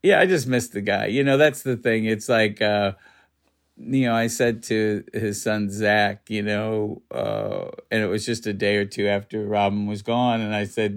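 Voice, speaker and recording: Soft-spoken man, halting and reflective. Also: fairly low pitch, gravelly, clear, resonant tone. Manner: halting, full of restarts and "you know". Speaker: comedian guest. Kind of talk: casual radio interview conversation.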